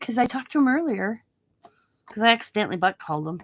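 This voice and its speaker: A woman's voice: on the high side, very animated, moderate pace, pauses often. A middle-aged woman chatting casually at her craft desk at home, telling a rambling story and acting out the voices of the people in it. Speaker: craft vlogger. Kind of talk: casual chat while crafting.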